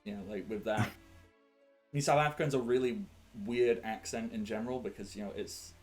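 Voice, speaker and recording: A game master from Sheffield, England, runs a tabletop game and chats casually, rambling and laughing often. His voice is on the low side and darkish, with fairly even intonation and a slightly fast pace, and faint music plays behind him.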